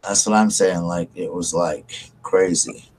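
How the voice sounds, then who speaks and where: A man chats loosely on a live stream, rambling from one thing to the next and calling his viewers y'all. His voice sits a little low and has a husky edge. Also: measured pace, a little mellow, rough recording. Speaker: livestream host. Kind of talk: casual live stream chat.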